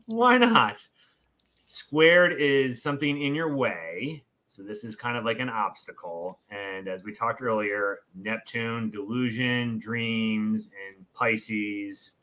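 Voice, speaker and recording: A man's voice: on the low side, slow pace, few pauses, fairly bright tone. A man co-hosting a casual astrology chat, rambling and restarting his sentences often. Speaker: co-host. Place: alone in his own room.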